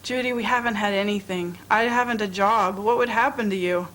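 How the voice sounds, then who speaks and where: A woman's voice: fairly quick, fairly bright tone, a little hiss or hum, close to an everyday voice, poor audio. A woman reading aloud and voicing a weary, worried young man who speaks earnestly. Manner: low-key, earnest, worried.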